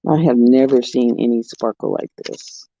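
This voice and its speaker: A woman chatting casually on her craft vlog as an animated storyteller, recorded at home. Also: rumbling low, moderate pace, creaky, no room sound. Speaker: crafting vlogger. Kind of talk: casual chat. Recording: muffled, dull sound.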